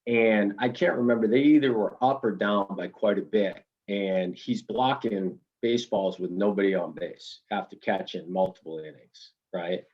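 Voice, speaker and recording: A middle-aged man with a husky, lowish voice spins coaching stories in a long interview. He circles back, restarts sentences and tags them with "right?" The sound is dull and lo-fi, like a remote call. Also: fairly even intonation, normal speed, few pauses. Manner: storytelling, rambling with restarts and tag questions. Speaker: college baseball head coach, guest. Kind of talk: conversational interview storytelling.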